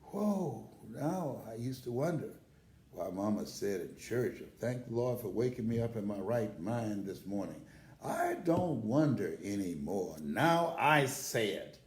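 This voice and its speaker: A man's voice: fairly low pitch, sing-song, a little slow, dark tone, reverberant. An older man, a motivational speaker, telling personal stories in a casual live stream and laughing heartily as he talks.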